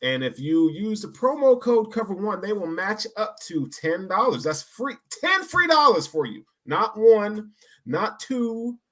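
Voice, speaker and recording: A man hosts a casual sports podcast in a loud, joking way and calls out viewers by name. His voice sits a little high, with a bright, forceful edge. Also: sing-song, measured pace. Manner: loud, joking, gives shout-outs to viewers. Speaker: podcast host.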